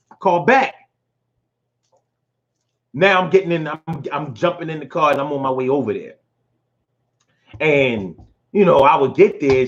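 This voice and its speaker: A man's voice: a little high, highs cut off. A man hosting a casual live show, telling personal stories with lots of profanity and feeling. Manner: animated storytelling, profane and emotional. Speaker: host. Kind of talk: casual live-stream talk.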